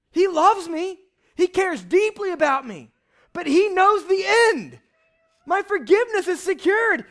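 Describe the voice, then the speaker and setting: A young man preaching a lively, conversational sermon from a church stage, shouting at times for emphasis. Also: extremely high pitch. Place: church stage before a congregation.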